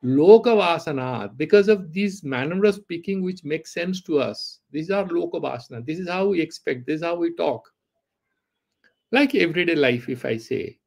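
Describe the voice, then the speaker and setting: Man lecturing on philosophy, slightly high. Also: animated, normal speed, creaky, a little mellow. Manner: argues with imagined student through rhetorical questions. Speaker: Vedanta teacher. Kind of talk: philosophy lecture with Sanskrit recitation.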